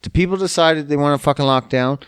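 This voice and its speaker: A fast-talking young Canadian with a fairly high-pitched voice hosts a podcast, ranting solo in a casual, profane, exasperated, and mocking manner. His tone is clean, and the dry recording has clean studio sound.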